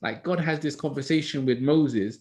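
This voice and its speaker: A man, a teacher co-hosting a Bible study discussion, telling stories in a casual, animated way. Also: on the high side, normal speed. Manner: animated storytelling, acts out others' words.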